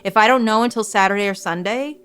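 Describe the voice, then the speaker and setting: A woman's voice: medium pitch, fast, fairly bright tone, faint music behind. Anxious young woman streamer chatting. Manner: anxious, rambling, repeats herself. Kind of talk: casual livestream chat.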